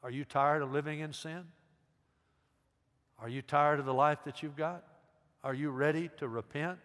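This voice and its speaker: A middle-aged man, a pastor giving an earnest altar call, swinging between loud emphasis and hushed pleading. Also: a little high, steady tone, normal speed, long pauses. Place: large church sanctuary. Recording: long hall reverb.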